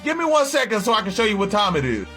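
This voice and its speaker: Furious green brute played by a man, fast blunt slang, bright forceful tone, dismissive. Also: high voice, big pitch swings, soft background music, exaggerated voice. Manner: rapid slangy street talk, blunt.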